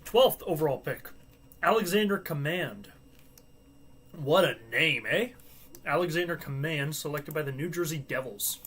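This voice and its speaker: A young man hosts a live stream in loose, casual chat, quick to joke and laugh at his own remarks. His voice sits a touch high for a man. Faint noise hums behind him. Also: a bit bright. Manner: chatty, joking, laughs at own asides.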